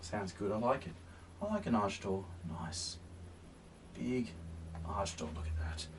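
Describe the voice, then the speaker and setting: Soft encouraging guy walking thru a painting, mic a bit far off, faint hiss. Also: fairly low pitch, big pitch swings, measured pace. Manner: gentle and encouraging, often sinks to a soft near-whisper. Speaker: painting tutorial host. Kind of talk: painting demonstration.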